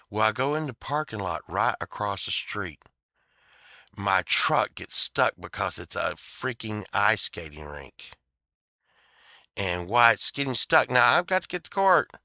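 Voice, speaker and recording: In an angry, profane rant, a man tells a story and acts out the other people in it. His voice is fairly low, gravelly and sharp, captured with clean studio sound and no echo.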